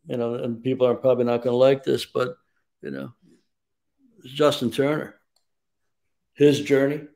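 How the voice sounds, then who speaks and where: Older man, measured storytelling. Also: mid-range voice, creaky, darkish tone. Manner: measured storyteller, frequent "um" and "you know". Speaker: baseball executive guest. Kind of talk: sports radio interview.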